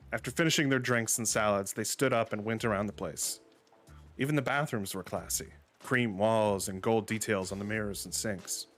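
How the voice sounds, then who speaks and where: A man reading an amateur story aloud, with casual, deadpan asides. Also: on the low side.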